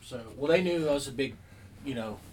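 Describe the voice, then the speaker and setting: A man's voice: mid-range voice, a little fast, a little mellow, low-quality recording. A man chatting casually on a podcast, telling a long story with lots of fillers and asides. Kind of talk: casual chat.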